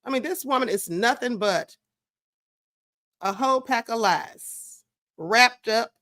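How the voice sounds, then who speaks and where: A woman's voice: on the high side, slow pace, a bit bright, no echo, studio quality. A woman hosting a live stream, giving sassy, scolding commentary straight to her viewers. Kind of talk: casual commentary.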